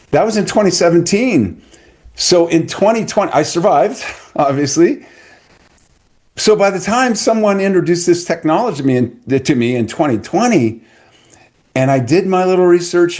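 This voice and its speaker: A middle-aged podcast host with a darkish, mid-range voice chats casually online. He comes across with eager, salesy enthusiasm.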